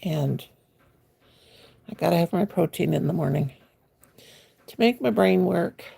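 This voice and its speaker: A woman's voice: fairly low pitch, lively intonation, measured pace, creaky, mellow, slightly rough. A woman, chatting casually with viewers on a crochet livestream, greeting them by name in a homey, folksy way. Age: 60s. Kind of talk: casual live-stream chat. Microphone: phone.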